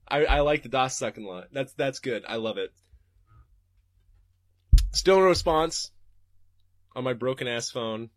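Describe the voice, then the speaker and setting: A man's voice: mid-range voice, lively intonation, slow, pauses often, no echo, studio quality. A man hosting a podcast and reading live chat, talking casually and profanely and laughing often.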